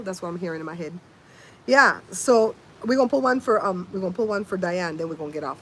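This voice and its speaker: Speaking fast in a lowish, slightly bright voice, an older woman chats with viewers by name on a casual outdoor livestream. She tells stories and imitates sounds as a faint wind murmurs behind her.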